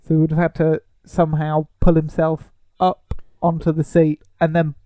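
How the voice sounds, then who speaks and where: A man's voice: fairly high pitch, monotone, normal speed, dark tone, clean tone, no room sound. A man co-hosting a casual podcast, sarcastic and mock-indignant. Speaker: podcast co-host.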